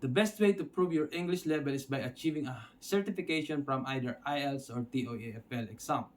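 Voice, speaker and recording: A man's voice: mid-range voice, fast talker. A man from the Philippines with a Filipino accent, teaching an English lesson step by step and often checking in with his listeners. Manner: explains step by step, checks in with "Okay?". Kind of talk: instructional video lesson.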